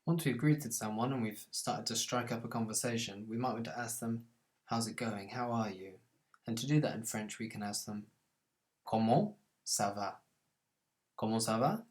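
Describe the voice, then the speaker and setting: A man gives a scripted French lesson in a mid-range voice. He says each French phrase slowly and with stress, then explains it in a calm, plain way. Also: mid-range voice. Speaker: French language teacher.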